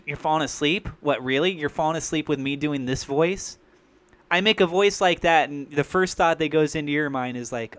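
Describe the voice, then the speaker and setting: A man hosting a crypto livestream, rambling and thinking out loud in an excitable way. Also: a little high, moderate pace. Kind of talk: live-streamed crypto commentary.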